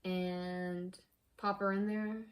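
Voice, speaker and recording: A woman's voice: lowish voice, level tone, extremely slow. A woman co-hosting a casual comedic cooking chat at home, teasing and encouraging her friend. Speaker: co-host friend.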